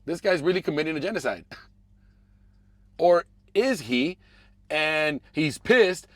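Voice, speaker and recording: Male podcast host, casual political rant with lots of swearing, lively and varied pitch. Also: a little slow, pauses often, no echo. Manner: animated, profane, swings between mumbling asides and raised outbursts.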